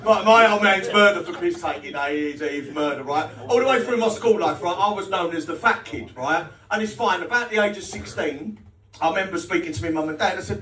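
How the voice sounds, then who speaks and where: Cheeky, high-voiced British comedian on stage. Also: male voice, fairly quick, bright, forceful tone. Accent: British English. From Britain. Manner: crude, cheeky, chuckles at his own jokes. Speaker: stand-up comedian. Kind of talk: live stand-up set with crowd banter. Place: small social club comedy night. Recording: roomy venue audio taken from a distance, with crowd noise. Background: audience laughter.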